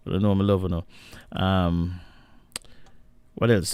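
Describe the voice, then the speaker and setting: Low, smooth-voiced Jamaican man hosting. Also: flat delivery, takes it slowly, darkish tone, no room sound. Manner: chatty, laughing, greets listeners by name. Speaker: radio show host. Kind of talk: casual live-stream talk show.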